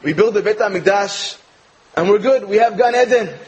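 An American man giving a sermon-style Torah talk, telling a joke with animated quoted lines before turning to his lesson. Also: high voice, moderate pace, a little hiss or hum, low-quality recording. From United States. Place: speaking in England.

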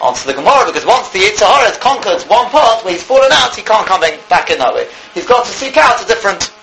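Man in sermon mode, high-pitched and bright, earnest, quick delivery with restarts. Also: sing-song, creaky, slight background noise, poor audio. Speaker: speaker giving a Torah talk.

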